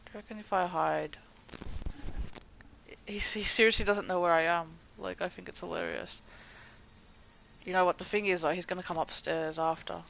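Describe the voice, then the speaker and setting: A young man chatting casually to his viewers during a game livestream, excitable and swearing often. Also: sits high, gravelly, slight background noise, rough recording. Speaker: gaming livestreamer. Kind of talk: casual live commentary to chat.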